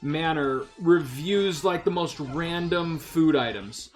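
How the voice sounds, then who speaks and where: A man's voice: a little high, takes it slowly, soft background music. A man hosting a casual video game playthrough, swearing and laughing easily as he plays. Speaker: let's play host. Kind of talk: casual gaming commentary.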